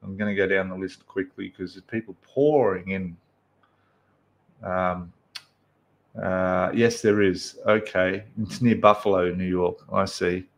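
A man's voice: low-pitched, fairly even intonation, unhurried. A man with an Australian accent hosting a casual live stream, chatting and greeting viewers one by one.

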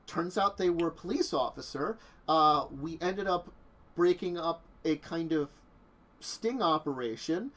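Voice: medium pitch, a little slow, fairly bright tone, lightly acted. A player voicing a young woman who has fallen into crime, talking hesitantly with many fillers during tabletop role-play. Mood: rambling. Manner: rambling, hesitant, full of fillers.

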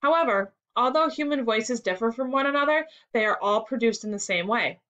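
A man's voice: very high-pitched, lively intonation, fairly quick, pushed and bright, highs cut off, heavily acted. A woman voicing an elderly man who explains things precisely, in a children's storybook reading. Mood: explaining. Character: elderly man, lecturing chess friend.

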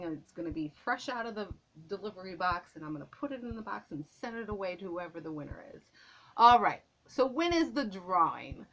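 A woman vlogger talks to the camera from inside her home, her medium-pitched voice bright and forceful. Gushing, repetitive and slightly breathless, she's captured on a low-quality recording with slight background noise.

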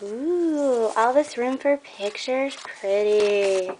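A woman's voice: on the high side, very slow, darkish tone, slight background noise. A young woman showing off a craft trade in a casual vlog, gushing and admiring, a bit out of breath.

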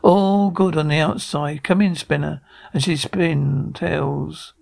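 A brash Australian ring-keeper runs a two-up game in a TV drama. His voice sits a touch high with a gravelly, crackling fry. He barks out calls at the crowd. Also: fairly even intonation, slow pace, exaggerated voice. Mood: barking. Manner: loud barking calls to a crowd. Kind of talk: TV drama acting.

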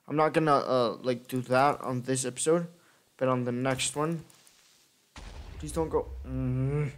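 Man rambling through gameplay commentary. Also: medium pitch. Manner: rambling, self-correcting, thinking aloud. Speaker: gaming video creator.

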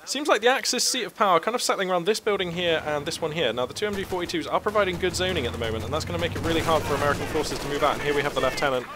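A young man casts a match live in a brisk, talkative rush, his voice sitting a touch high. He is wry and self-mocking, leaning on fillers as he thinks aloud. Gunfire and vehicle noise from the game are clearly heard behind him. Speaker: game caster. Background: gunfire, vehicles and battle noise from the match.

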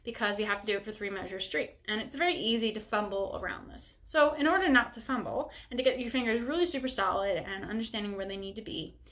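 A woman's voice: medium pitch, fast talker, few pauses, fairly bright tone. A young woman teaching a music lesson, upbeat and encouraging, explaining each step plainly. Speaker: bassoon teacher.

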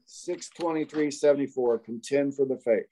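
A man teaching a Bible study in a casual, halting way, often asking if listeners follow. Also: medium pitch, background noise.

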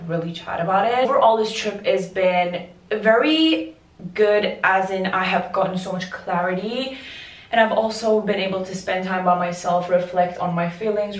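A young woman from Sweden talks straight to her handheld camera in a casual vlog. She sounds bubbly and excitable, with plenty of fillers. Her voice sits a little low for a woman. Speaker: vlogger.

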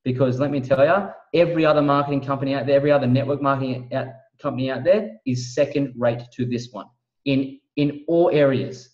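A man giving an emphatic, preachy motivational sales pitch as a guest on a video call. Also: fairly even intonation, a little fast, a little mellow, reverberant, distant mic, dull audio.

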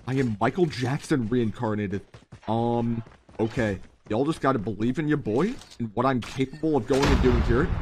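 A man giving excitable, jokey live commentary on a shooter game, with sudden yelps. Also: mid-range voice, background noise. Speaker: gaming streamer. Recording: game gunfire loud behind voice. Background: gunshots and game sound effects.

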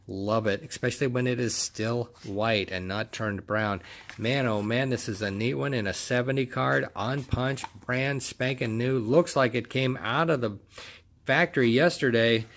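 Guy chatting away while he unboxes toy cars, gets real excited, medium voice. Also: medium pitch. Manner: enthusiastic, exclaims over each find. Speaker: toy car collector and video host. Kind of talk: casual unboxing commentary.

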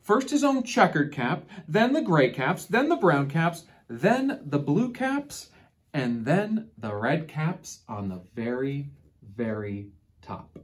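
A woman reads a children's picture book aloud in a slow, unhurried way. Her voice sits a little low, yet her pitch swings widely and playfully through each line. She sounds like a patient teacher. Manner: expressive, deliberate storytelling. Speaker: children's storyteller.

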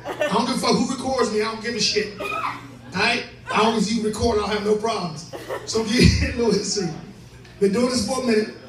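Brisk and very high-voiced, a man hosts a live stand-up show, doing crude, brash crowd work while a little drunk and laughing often. The mic sits far off in an echoey room, and the crowd is audible.

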